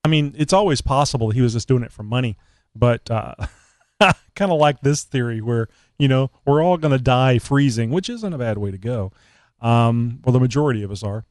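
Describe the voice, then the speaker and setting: A man co-hosting a live talk show, joking and rambling in casual chat with frequent pauses and fillers. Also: medium pitch, animated, dry recording. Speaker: co-host.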